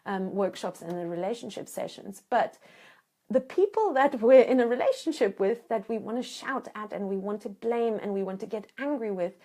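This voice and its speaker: A woman, a relationship coach giving an animated teaching talk and acting out the voices she quotes. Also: mid-range voice.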